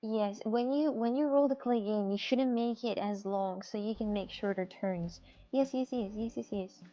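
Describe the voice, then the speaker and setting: A woman's voice: medium pitch, normal speed, warm tone, highs cut off. A woman making clay crafts on a live stream, rambling and repeating herself as she talks to her viewers, with a lilt. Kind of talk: casual live-stream chat.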